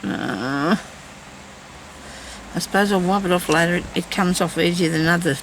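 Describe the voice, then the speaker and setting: A woman's voice: lowish voice, normal speed, slight background noise, low-quality recording. A woman chatting casually while she crafts, thinking aloud and talking to herself as she works. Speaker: crafting vlogger.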